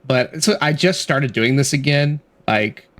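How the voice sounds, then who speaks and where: A man co-hosting a podcast, telling stories in an animated, casual way and swearing freely. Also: mid-range voice, measured pace. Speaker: podcast co-host. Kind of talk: casual chat.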